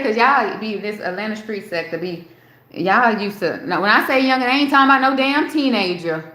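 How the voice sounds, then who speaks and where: A woman's voice: mid-range voice, animated, a little fast, sharp tone. A woman hosting a casual live stream, rambling and talking straight to her chat, swearing freely. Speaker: livestream host. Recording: roomy echo.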